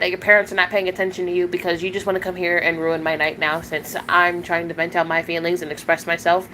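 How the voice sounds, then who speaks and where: A woman's voice: on the low side, level tone, quick pace, hardly any pauses, pushed and bright, slight background noise. Angry, swearing young woman streamer. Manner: profane, confrontational, fillers of "like". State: upset and angry. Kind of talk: live-stream vent.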